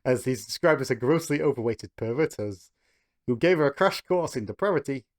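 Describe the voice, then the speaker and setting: A man's voice: mid-range voice, lively intonation, a little fast. A man co-hosting a podcast, recapping a cartoon episode in casual chat and chuckling between beats.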